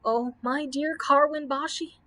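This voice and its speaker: A woman's voice: high voice, fairly even intonation, a little slow, pushed and bright, no room sound, voice pushed up. A woman voicing a fussy, nervous male camel with a wheezing manner. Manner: wheezing, fretful.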